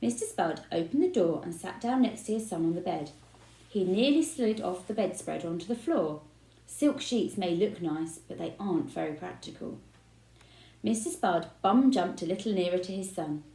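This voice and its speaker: A woman narrates a children's book with expressive storytelling. Her voice is mellow and moves freely up and down. She sounds like she is in a roomy space. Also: on the low side, moderate pace. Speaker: reader. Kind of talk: children's book read-aloud. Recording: roomy echo.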